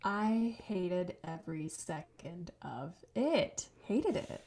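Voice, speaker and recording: Blunt woman podcast co-host, lively pitch. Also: slow pace. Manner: blunt, emphatic opinions with frequent agreeing interjections. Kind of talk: casual movie recap chat.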